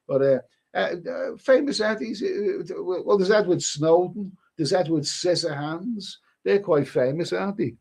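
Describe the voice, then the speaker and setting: A man's voice: high-pitched, expressive, unhurried, creaky, darkish tone. A middle-aged man hosting a live stream in casual chat, rambling and often restarting his sentences as he reads viewer comments. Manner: rambling, repeats words, frequent restarts.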